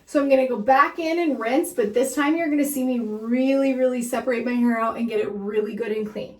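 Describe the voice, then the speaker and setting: A woman's voice: on the high side, brisk, recorded from a distance, a little hiss or hum, poor audio. A woman giving a casual hair-washing how-to in her shower, chatty and instructive with frequent fillers, a little out of breath. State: slightly out of breath. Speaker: hair care vlogger. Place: bathroom shower. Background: running water.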